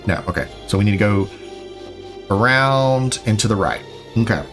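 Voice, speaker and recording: A man's voice: on the low side, lively intonation, normal speed, over music. A man recording a let's play, casually talking viewers through the route with rambling, self-correcting directions. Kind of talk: casual gameplay commentary, walkthrough guide.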